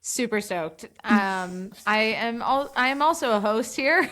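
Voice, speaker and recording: A woman's voice: a little high, lively intonation, moderate pace, hardly any pauses, fairly bright tone. A woman in her late twenties co-hosting a podcast, chatting casually in a chatty, self-mocking way. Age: 20s. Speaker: podcast co-host. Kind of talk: casual chat.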